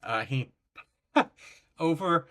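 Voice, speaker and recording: Man, chatty, rambling, effusive, bright clear tone, coloring channel host. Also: a little high, animated, drawn-out words. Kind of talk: casual chat showing finished coloring pages.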